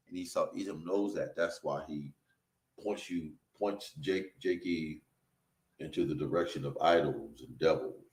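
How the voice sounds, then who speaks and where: A man giving an informal scripture sermon in casual slang, swinging between loud emphatic bursts and low mutters and drawing words out slowly. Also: low-quality recording. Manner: stretches words out slowly for effect. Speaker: preacher.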